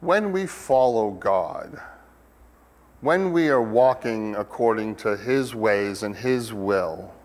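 A man's voice: on the low side, animated, slow. A man preaching a sermon in a conversational way, with many fillers and sudden emphatic peaks. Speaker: pastor. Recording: long hall reverb.

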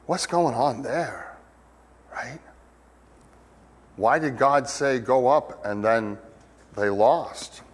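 Male pastor, unhurried conversational sermon, mid-range voice, long church reverb. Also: medium pitch, husky. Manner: conversational, many fillers, rises to emphatic peaks.

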